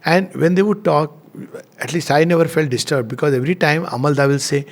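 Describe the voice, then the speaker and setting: Middle-aged man, spiritual talk, storytelling, frequent soft laughs, slightly high voice. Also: brisk. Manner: chuckles often while telling stories. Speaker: spiritual speaker.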